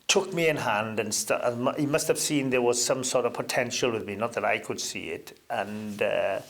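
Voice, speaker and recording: An older man sits as an interview guest and unspools anecdotes at an easy pace. His voice stays at a middling pitch but jumps up now and then as he gets into a story, broken by ums and uhs. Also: normal speed, fairly bright tone. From Wales. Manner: reminiscing, with hesitant fillers and sudden lifts in pitch.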